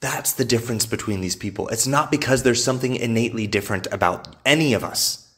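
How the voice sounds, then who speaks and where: A man's voice: mid-range voice, fast talker, fairly bright tone. A man hosting a podcast, delivering a motivational monologue in an emphatic, repetitive way and swearing freely. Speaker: podcast host.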